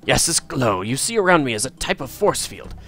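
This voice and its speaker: A man voicing a mocking mad shaman scientist in a lowered, smug tone. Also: sing-song, a little fast, fairly bright tone, faint music behind.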